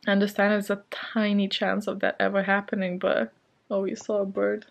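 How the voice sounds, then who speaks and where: A woman's voice: medium pitch, completely flat delivery, brisk, gravelly. Shaken woman vlogging from bed. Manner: rambling with many fillers and nervous laughs. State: shaken and anxious. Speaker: book vlogger. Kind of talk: casual vlog chat. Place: at home, sitting in bed.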